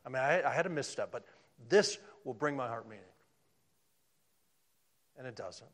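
A man preaching a sermon, swinging from loud emphatic lines down to hushed, almost whispered ones. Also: mid-range voice, lively intonation, normal speed.

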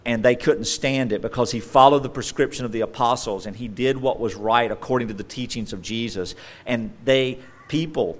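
With a mid-range voice, a middle-aged pastor moves back and forth between forceful, loud stresses and quiet asides as he preaches.

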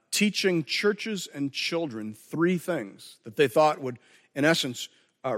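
A man's voice: medium pitch, long reverb tail. A man preaching a sermon as pastor, earnest and conversational, often restarting his phrases.

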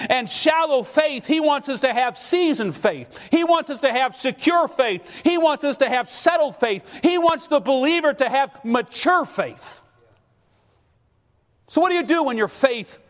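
A middle-aged man preaching a sermon, pleading and emphatic, his voice rising in fervent bursts. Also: extremely high pitch. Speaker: pastor. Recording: long reverb of a hall.

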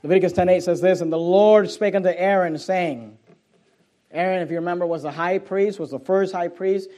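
A man's voice: high voice, fairly even intonation, brisk, dark tone. A man preaching a sermon to a church congregation, reading scripture aloud with mounting force. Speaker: pastor. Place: church auditorium.

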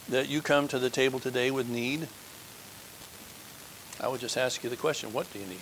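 A man's voice: medium pitch, gravelly, fairly bright tone, slight background noise, poor audio. A man preaching a communion sermon, stressing his points by repeating key phrases and building to fervent appeals.

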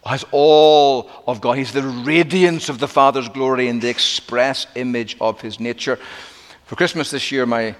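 A middle-aged man preaching a sermon as pastor, emphatic, slowing and dropping to a hush for weight. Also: medium pitch. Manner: emphatic preaching with dramatic slowdowns and drops to a hush. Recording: long hall reverb.

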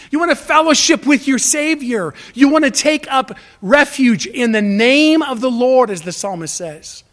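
High-voiced preaching pastor, man. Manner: emphatic preaching, swinging from loud to hushed; repetitive, exhorting the congregation. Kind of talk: sermon.

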